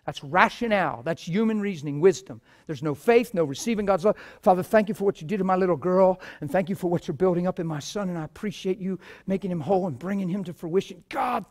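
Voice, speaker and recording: Guy preaching with a high voice, telling stories, goes from quiet mumbling to yelling. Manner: animated storytelling, swinging from low murmurs to shouting. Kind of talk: sermon with testimonies.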